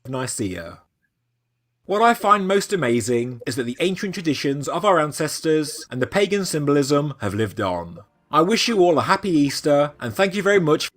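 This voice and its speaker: Man, fairly high voice, scripted documentary narration, measured and even.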